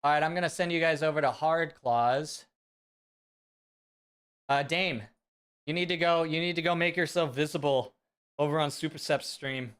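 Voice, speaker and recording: Male streamer, higher voice, smooth, excitable and rambling live-chat delivery. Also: moderate pace, long pauses. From Central California. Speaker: fitness streamer.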